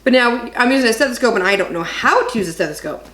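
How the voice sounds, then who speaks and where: A woman co-hosting a podcast, telling a story in a rambling, animated way and laughing as she goes. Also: on the high side, fast talker, reverberant, crowd noise. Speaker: podcast co-host. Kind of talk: casual chat.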